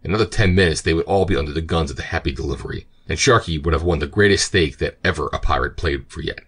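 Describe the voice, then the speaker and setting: A man narrating an adventure audiobook in a steady, measured way. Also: a bass voice, breathy edge. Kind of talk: scripted narration.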